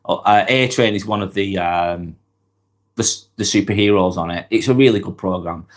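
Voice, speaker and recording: This live vlog host is a man from Lancashire in northwest England, and he's got a cold. In a low voice at normal speed, he chats casually, reading viewer comments aloud and answering them directly.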